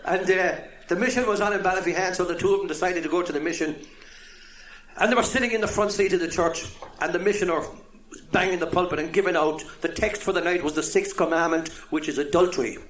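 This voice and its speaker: A man's voice: high voice, fast, fairly bright tone. A man telling jokes live as a chatty, chuckling storyteller. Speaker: comedian.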